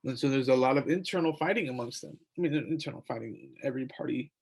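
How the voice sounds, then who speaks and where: A man's voice: medium pitch, quick pace, vocal fry, darkish tone, slightly rough. A young man hosting a podcast alone, rambling and indignant, with lots of fillers and restarts, saying he is tired. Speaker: podcast host. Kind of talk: casual solo commentary.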